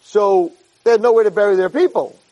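Animated man telling a Torah lesson. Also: fairly quick, highs cut off. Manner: animated storyteller, rises high for emphasis; peppers speech with Hebrew and Yiddish terms. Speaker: rabbi giving a Torah class. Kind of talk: storytelling Torah lecture.

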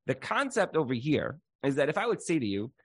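A man's voice: a little high, a little fast, dry recording. A man giving a casual Torah lecture, telling stories with lots of filler "like"s and acting out the people he quotes. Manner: animated storytelling full of "like"s and acted-out quotes.

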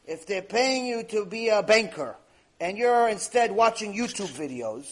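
Lecturing man, high and very lively pitch, punchy repetition. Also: moderate pace. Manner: animated, repeats key phrases for emphasis. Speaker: Torah teacher. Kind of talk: lecture storytelling.

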